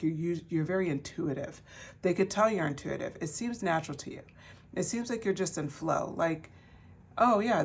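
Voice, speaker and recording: A woman's voice: low-pitched, slightly rough. A woman giving a pick-a-card tarot reading to her viewers in a chatty way, with many fillers and restarts. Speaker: tarot reader.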